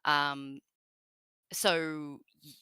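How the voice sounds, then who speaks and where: Aussie woman rambling on in an interview, crisp bright voice, dry close mic. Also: low voice, flat delivery, very slow, no echo. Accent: Australian. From Australia. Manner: chatty and rambling, with many fillers and asides. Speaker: voice actress guest. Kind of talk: casual interview chat.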